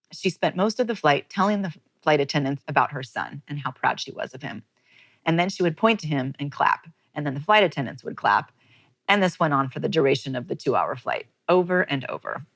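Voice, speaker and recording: Creaky-voiced woman telling a personal story. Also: low-pitched, a bit bright, no room sound, rough recording. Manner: heartfelt, emotional at moments. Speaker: podcast host.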